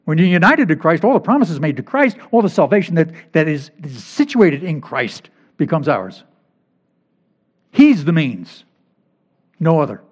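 A man's voice: fairly high pitch, very animated, normal speed, husky. A male pastor preaching a sermon, emphatic and repeating key phrases to drive points home. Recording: dull lo-fi recording.

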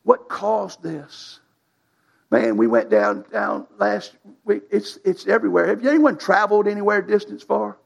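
A man's voice: sits high, lively intonation, moderate pace, vocal fry. A man preaching a sermon, in a folksy, emphatic style with colloquial grammar.

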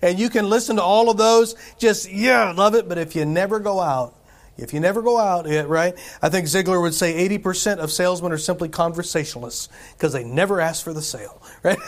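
A male pastor preaching in a church, his voice sitting a little higher than most men's. He keeps it conversational, firing rhetorical questions and asides at the congregation and stumbling through restarts and filler words as he goes. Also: brisk. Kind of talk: sermon.

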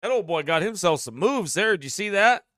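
A man's voice: high-pitched, expressive, fairly quick, pushed and bright, no room sound, clean studio sound. A man hosting a teaching broadcast, reading passages from a book aloud and breaking in with folksy asides.

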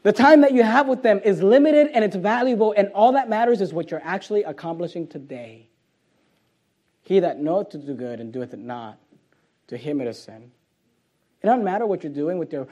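A man with a notably high voice preaches a sermon with fire, shouting out key phrases and then dropping low and quiet. He hammers home his points by saying them again and again, and he stretches out the words he wants to stress. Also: very animated, a little fast, dull audio. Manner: fiery preaching, swinging between loud emphasis and quiet, and repeating key phrases. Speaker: pastor.

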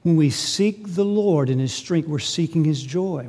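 Male pastor mid-sermon, high-pitched voice; animated delivery with big loud peaks and hushed asides. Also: measured pace, hardly any pauses. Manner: animated preaching, swinging from loud emphasis to quiet asides.

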